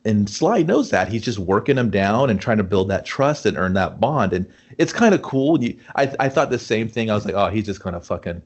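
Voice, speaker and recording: Low-voiced man riffing on a movie. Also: moderate pace, few pauses. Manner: profane, animated, acts out scenes in gruff voices. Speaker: podcast co-host. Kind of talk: casual movie review chat.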